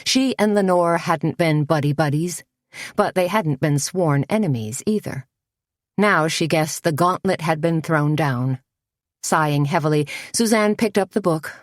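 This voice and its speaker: Woman audiobook narrator, low and measured, dry studio read. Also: no echo. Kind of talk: scripted narration of a cozy mystery.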